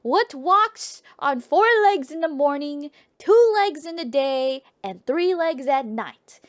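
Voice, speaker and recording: A woman voicing a sphinx guarding a city gate, making grand, threatening pronouncements in a lively, high voice. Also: takes it slowly. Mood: commanding.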